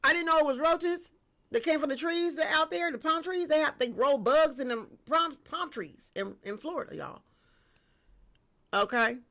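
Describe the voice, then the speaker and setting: Woman doing a tarot reading, bright sharp voice w a gravelly edge, chatty n slangy. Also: high-pitched, normal speed. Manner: lively and slangy, talks straight to viewers. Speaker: tarot reader. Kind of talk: casual spiritual tarot reading.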